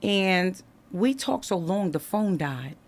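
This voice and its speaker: A woman telling her life story as a podcast guest, in an animated, conversational way that acts out the dialogue. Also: fairly low pitch, takes it slowly. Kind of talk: candid storytelling in a podcast interview.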